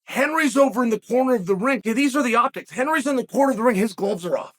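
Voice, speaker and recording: A middle-aged man from the western United States, hosting an animated solo commentary and telling the story with emphatic, shouted bursts. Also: extremely high pitch, fast talker. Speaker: host.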